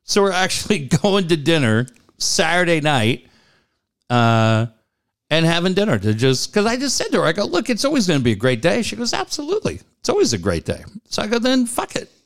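A man's voice: fairly high pitch, very animated, a little fast. A man in his forties telling a long family story in casual chat, laughing often and repeating "I go".

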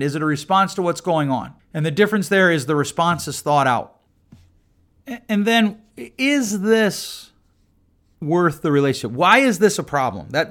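A man with a somewhat higher voice, talking through his own podcast alone. He speaks casually and often stumbles over repeated words before going on, with a dry humor. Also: a bit bright. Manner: conversational, repeats and restarts words, self-mocking dry humor. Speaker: podcast host. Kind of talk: solo podcast monologue.

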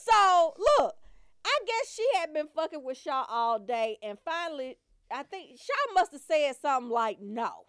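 A woman with a high-pitched voice, speaking at a moderate pace, tells a funny family story loosely and casually. She laughs often and acts out her relatives in an animated bit of comic storytelling.

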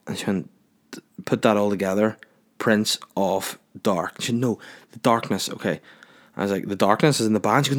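A man in his thirties from Northern Ireland talks into his podcast mic in a loose, rambling monologue. His voice sits a little low, and he swears freely while joking around. He acts out both sides of each conversation as he tells his stories. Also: moderate pace. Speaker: podcast host, comedian. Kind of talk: casual storytelling monologue.

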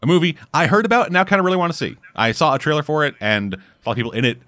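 A man hosting a podcast, talking quickly and swearing freely. His voice is bright and sharp. The recording is close and dry. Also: a little high, big pitch swings, no room sound. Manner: profane, rambling, sarcastic. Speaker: podcast host. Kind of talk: casual podcast chat.

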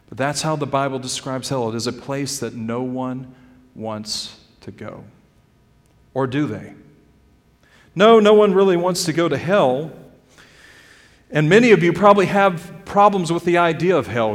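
A man's voice: medium pitch, expressive, a little slow. Earnest male pastor preaching in a reverberant hall. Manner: earnest, swings from loud emphasis to quiet drops; addresses the congregation directly as "friends" and "folks". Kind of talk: sermon. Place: church sanctuary.

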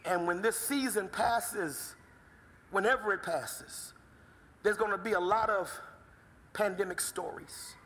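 A middle-aged man preaching a sermon in a church, calling out to the congregation and building to fervent shouts. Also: high-pitched, a little slow, long pauses. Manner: call-and-response preaching, rising to fervent shouts. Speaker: pastor. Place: church sanctuary. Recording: long reverb of a large hall.

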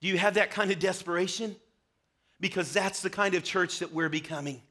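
A man's voice: sits high, fairly even intonation, normal speed, bright, forceful tone. A man preaching a passionate sermon to a church congregation. He often rises into fervent, pleading prayer. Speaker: pastor. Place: church service before a congregation.

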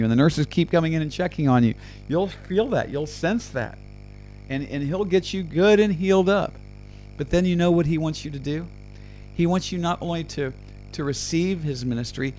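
A man delivers a fervent sermon that moves into spoken prayer. His voice sits a little higher than most men's. He keeps stumbling over words and doubling them as he presses on. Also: darkish tone. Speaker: preacher. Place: radio program.

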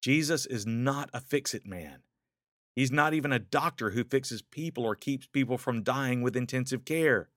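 A man preaching a sermon, rising into urgent questions and dropping to hushed, slow lines. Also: mid-range voice, dry recording, clean studio sound. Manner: dramatic swings between raised urgent questions and soft hushed lines.

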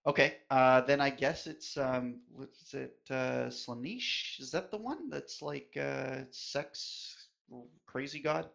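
A man guests on a podcast. He talks casually at a middling pitch, hesitating often with filler words as he thinks. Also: slow, vocal fry, a bit bright. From Canada. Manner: hesitant, lots of ums and likes. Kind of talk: casual chat.

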